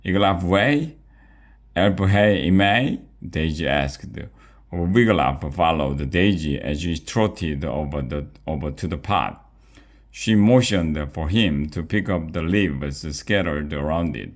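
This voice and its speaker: A man reading a children's chapter book aloud, haltingly, stumbling and repeating words. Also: rumbling low. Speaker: reader.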